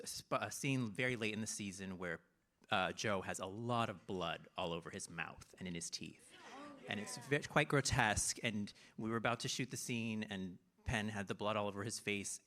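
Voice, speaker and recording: A man's voice: fairly low pitch, normal speed, pushed and bright. A man on a panel, a producer, telling a behind-the-scenes story in an amused way. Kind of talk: panel anecdote.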